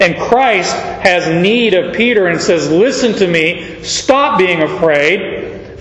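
An older man preaching an expository sermon, reading scripture aloud and acting out the quoted lines with slow emphasis. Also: high-pitched. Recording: roomy, long reverb, dull sound.

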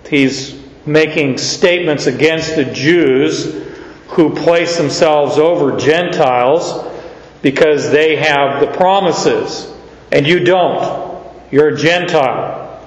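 Slow, emphatic male preacher in an echoey hall. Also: on the high side. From Canada. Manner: slow, emphatic teaching with rhetorical questions. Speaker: pastor. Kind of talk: verse-by-verse Bible teaching sermon. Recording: echoey hall, dull lo-fi sound.

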